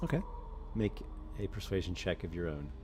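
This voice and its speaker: Male game master, low voice, halting narration, faint background noise. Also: big pitch swings. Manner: halting, with frequent restarts and soft laughs.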